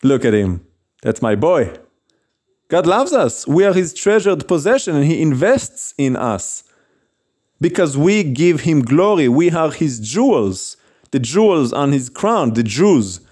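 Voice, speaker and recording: A man delivering a stern sermon in a somewhat high voice. He scolds his listeners and slips in mocking asides. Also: very animated, a little slow, a little mellow, slightly rough. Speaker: rabbi.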